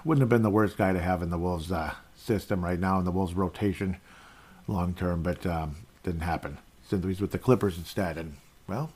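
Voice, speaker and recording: Podcast host, male, low voice, rambling opinionated fan chat. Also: a little mellow. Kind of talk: casual sports talk.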